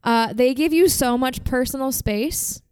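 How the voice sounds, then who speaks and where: A woman's voice: sits high, measured pace, a little mellow, a little hiss or hum. A young woman co-hosting a podcast, chatting casually and telling stories with lots of filler words. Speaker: podcast co-host. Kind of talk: casual chat.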